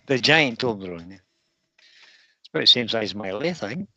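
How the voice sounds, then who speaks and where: Host, male, casual livestream chat, reads out comments, bright forward tone, dry close sound. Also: fairly low pitch, lively intonation, normal speed, no echo, highs cut off. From United Kingdom. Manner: chatty, reads viewer comments aloud. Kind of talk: casual live-stream chat reading comments.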